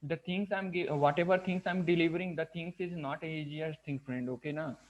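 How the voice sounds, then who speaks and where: A man's voice: a little high, fairly even intonation, brisk. A man with an Indian English accent teaching a live coding class, asking his students "right?" and "what is that?" again and again as he works through each step. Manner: repeats "what is that?" and "right?" while explaining step by step. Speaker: programming instructor. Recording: dull lo-fi screen recording.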